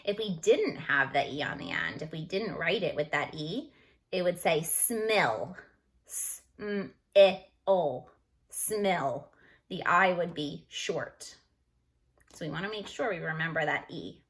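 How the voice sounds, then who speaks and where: A woman teacher going over a phonics lesson on a video call, slowly sounding out letters and words. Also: low-pitched, very animated, vocal fry, fairly bright tone. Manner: slow, deliberate, sounds out each letter. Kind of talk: recorded phonics lesson review.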